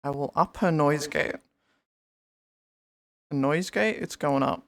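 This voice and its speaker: A woman's voice: sits low, takes it slowly, gravelly. A young woman live-streaming in casual chat, rambling and greeting her viewers by name over a headset mic.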